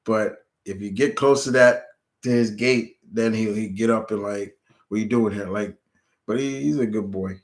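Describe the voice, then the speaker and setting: A man hosting his own channel, chatting casually on a live stream and answering viewer questions. He rambles with many restarts and gets animated when retelling scenes. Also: medium pitch.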